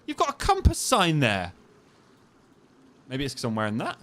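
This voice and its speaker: A man's voice: mid-range voice, huge pitch swings, normal speed, a bit bright. Laughing man streaming a game. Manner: laughing, repeating foreign phrases to get them right; swears freely, thinks aloud. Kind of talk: casual livestream commentary.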